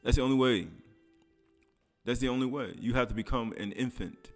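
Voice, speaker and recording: A man preaching, alternating between read scripture verses and loose, conversational commentary. His voice sits at an ordinary middle pitch, with soft music playing faintly behind him. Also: moderate pace. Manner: reads scripture aloud then comments in casual speech, laughing. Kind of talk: sermon.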